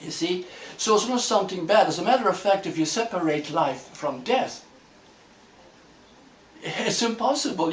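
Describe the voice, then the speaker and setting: A man giving a reflective spiritual talk to a group, gentle and unhurried, often repeating phrases and checking that listeners follow. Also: fairly high pitch. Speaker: spiritual teacher. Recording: roomy echo with faint ambient noise.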